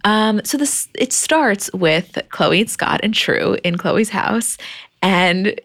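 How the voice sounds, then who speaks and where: A woman's voice: mid-range voice, slow. A young adult woman co-hosting a podcast, chatting casually and animatedly about a reality show. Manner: animated, quotes others in a raised playful voice. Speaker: podcast co-host.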